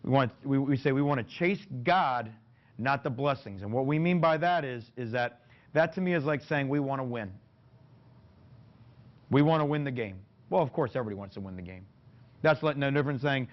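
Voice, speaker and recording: Fast-talking man in a dull recording. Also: mid-range voice. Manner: folksy, joking, plain-spoken. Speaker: football coach leading a coaching clinic. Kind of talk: clinic talk to coaches.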